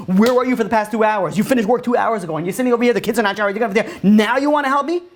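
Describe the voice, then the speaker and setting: An exasperated wife, worn out by the day and short on patience, which a man acts out mid-sermon. She fires off indignant rhetorical questions in a raised, higher voice. The tone stays plainly put on rather than fully acted. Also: fast talker. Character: exasperated overworked wife, adult woman.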